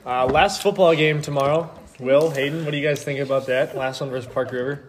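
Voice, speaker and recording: A man's voice: medium pitch, fairly even intonation, a little fast. A teenage man co-hosting a casual podcast, teasing his friends and laughing. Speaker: podcast co-host. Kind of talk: casual chat.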